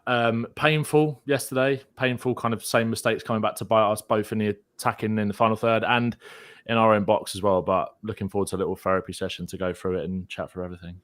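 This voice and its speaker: A man's voice: lowish voice, a bit bright. A male guest fan talking politely through a painful loss. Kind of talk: casual football discussion.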